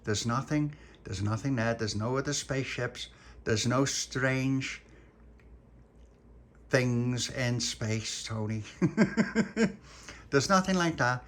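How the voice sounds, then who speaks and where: A man's voice: mid-range voice, slow, long pauses, fairly bright tone. A man improvising a playful family bedtime story, rambling and restarting his sentences.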